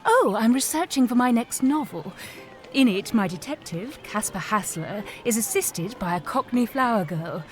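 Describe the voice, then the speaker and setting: A woman's voice: fairly high pitch, lively intonation, normal speed, lightly acted. A woman voicing a chirpy posh lady writer. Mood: breezy. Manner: breezy, chirpy upper-class exclamations. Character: posh female mystery writer posing as a flower seller. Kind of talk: game voice acting. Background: game music.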